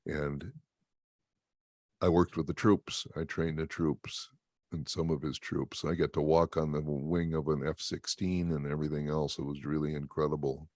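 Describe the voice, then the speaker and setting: A man telling stories in an interview, emphatic and animated, laughing often. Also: rumbling low, moderate pace, dry recording, clean studio sound. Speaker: interview guest and motivational speaker. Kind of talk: storytelling in an interview.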